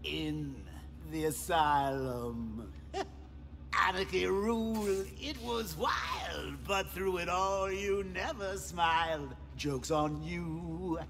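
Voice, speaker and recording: A man's voice: a little high, animated, slow, creaky, fairly bright tone, exaggerated voice. A man voicing a manic male clown villain who sings a taunting song with theatrical cackling, as a video game villain. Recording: song with music and long reverb.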